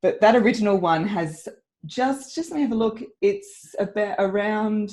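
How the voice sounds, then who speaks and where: An Australian woman, a voice coach, chatting as an interview guest and telling her story in an animated way with frequent laughs. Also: mid-range voice, normal speed. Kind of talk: casual interview chat.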